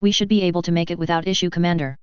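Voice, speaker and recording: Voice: medium pitch, fairly even intonation, racing, smooth, no echo, dull audio, natural voice. A storyteller reading a young male dropship captain who reports in a polite, businesslike way.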